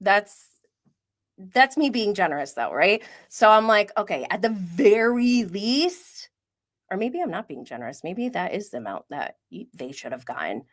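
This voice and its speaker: A woman's voice: mid-range voice, big pitch swings, moderate pace, fairly bright tone. A woman hosting a live-stream reality TV recap, chatty and opinionated, often laughing and acting out quoted asides. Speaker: reality TV commentary host.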